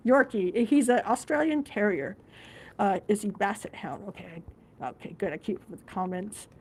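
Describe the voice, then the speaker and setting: A woman's voice: medium pitch, lively intonation, normal speed, darkish tone, slightly rough. A woman live streaming from her living room, chatting casually, reading viewer comments and talking to her dog. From Alaska. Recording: noisy home recording.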